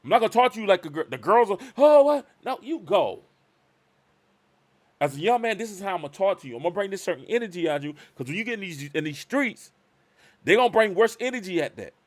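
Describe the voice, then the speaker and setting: Animated man telling a story on a live stream. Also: high voice, very fast. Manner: animated, acts out both sides of conversations. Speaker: show host.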